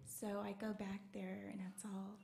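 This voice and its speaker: A woman's voice: mid-range voice, completely flat delivery, a little slow, vocal fry, dark tone. A young woman doing a stand-up set, telling her story in a chatty way with lots of fillers. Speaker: stand-up comedian. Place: comedy club stage. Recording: roomy club with faint noise.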